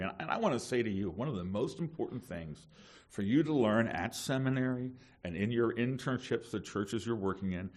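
A middle-aged man, a pastor, preaching a sermon to seminary students in an emphatic, animated way, with rhetorical questions. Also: fairly low pitch.

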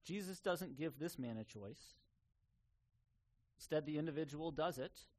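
Earnest, slightly high-voiced male preacher. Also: expressive, unhurried, darkish tone. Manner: earnest, conversational preaching with occasional fillers. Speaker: pastor. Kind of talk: sermon.

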